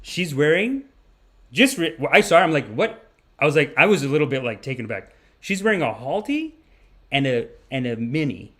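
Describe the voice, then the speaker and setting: A man hosting a comedy podcast, riffing in an animated, rambling monologue. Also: a little high, brisk. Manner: animated, rambling, swings between voices. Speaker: podcast host.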